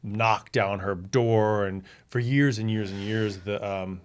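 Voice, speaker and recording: A middle-aged man, a TV director guesting on a podcast, telling personal stories in a candid, lively way. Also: on the low side, slow pace, smooth. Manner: lively anecdotal, acts out quoted voices. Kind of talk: candid conversational storytelling.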